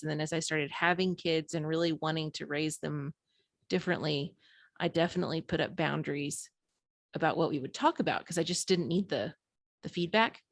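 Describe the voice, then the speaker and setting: A woman's voice: sits low, no echo, studio quality. A woman in her thirties, speaking as an author and podcast guest, who talks frankly and with self-deprecating humor, often laughing between phrases. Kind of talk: candid conversational interview.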